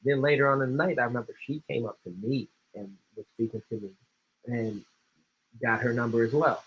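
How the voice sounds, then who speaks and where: A man's voice: mid-range voice, steady tone, fairly quick, fairly bright tone, breathy edge. A man co-hosting a casual podcast, telling a rambling club story and swearing. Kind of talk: casual chat. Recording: dull lo-fi sound.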